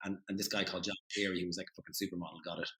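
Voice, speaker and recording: A middle-aged Irish man telling stories as an interview guest, animated and swearing freely as he acts out what people said. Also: low-pitched, rapid-fire, poor audio. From Ireland. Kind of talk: casual storytelling interview.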